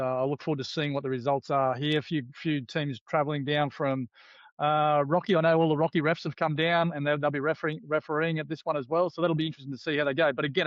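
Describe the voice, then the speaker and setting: A man's voice: a little high, a bit bright, dry recording, highs cut off. An Australian man co-hosting a podcast in casual chat, teasing his co-host in a chatty way.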